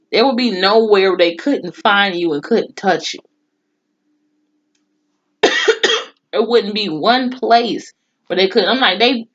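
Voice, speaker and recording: A woman recaps an episode in a heated, profane rant. Her voice sits at an ordinary middle pitch and swings up sharply when she gets worked up. The audio is a little dull and lo-fi. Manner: profane, animated, indignant storytelling. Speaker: TV show reviewer.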